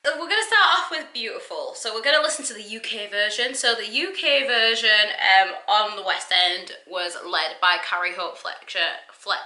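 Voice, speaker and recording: A young woman talking through a casual reaction vlog, chatty and animated, often breaking off mid-thought. Her voice is very bright and cutting, and it echoes around the room she records in. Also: mid-range voice. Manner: chatty, self-interrupting, animated. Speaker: YouTuber.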